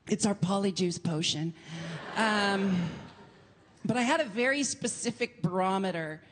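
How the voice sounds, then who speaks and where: A woman doing stand-up comedy, telling a story in an animated, self-mocking way. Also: on the low side.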